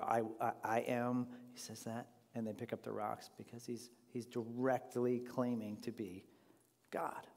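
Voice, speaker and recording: A man's voice: medium pitch, darkish tone, big-room sound. A man leading an informal Bible study class, talking conversationally and putting questions to the group.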